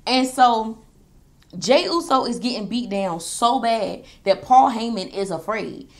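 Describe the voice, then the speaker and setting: Animated woman recapping a wrestling match. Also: fairly high pitch, unhurried. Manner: animated storytelling, quoting wrestlers in a raised voice. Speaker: beauty and wrestling vlogger. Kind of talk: casual recap while doing makeup.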